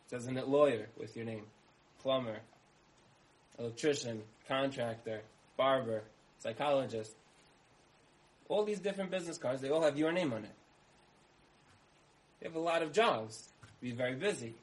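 A man delivers a sermon as a story, acting out each exchange and returning again and again to the same key phrase. His voice sits at an ordinary middle pitch, and his delivery stays lively and conversational. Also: normal speed, pauses often, rough recording. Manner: animated storyteller, repeats phrases for emphasis, acts out dialogue. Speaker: speaker giving a talk.

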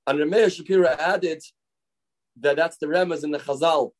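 A man's voice: a little high, steady tone, moderate pace. A man giving a daily Torah lesson as a rabbi, explaining through stories and acted-out quotes. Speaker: rabbi teaching a daily class.

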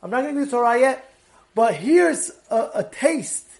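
A man teaching a Torah class, telling stories in an animated way and acting out the people in them. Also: very high-pitched, normal speed, creaky. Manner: animated storytelling, acts out quoted voices.

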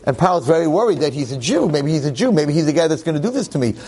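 A man teaching a class, telling a story in a lively, joking way and acting out the quotes. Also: a little high, racing, breathy edge, long reverb tail. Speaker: religious teacher.

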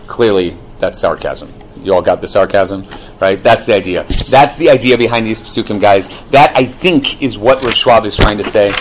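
A man teaching a live Torah class to a room of listeners, animated, with jokes and sarcastic asides. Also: on the low side, normal speed, slight background noise, rough recording.

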